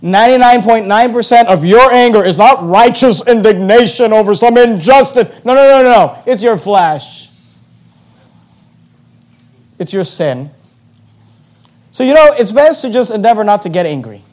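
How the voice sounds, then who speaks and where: A man preaching a sermon as a pastor, emphatic and repetitive, with rhetorical questions and slow, deliberate scripture reading. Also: high-pitched, expressive, darkish tone. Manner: reads scripture slowly and deliberately.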